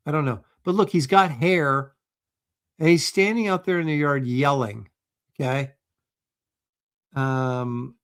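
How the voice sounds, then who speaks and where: A man hosting a casual livestream, reacting to videos and reading viewer comments in a sarcastic, skeptical way. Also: medium pitch. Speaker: livestream host.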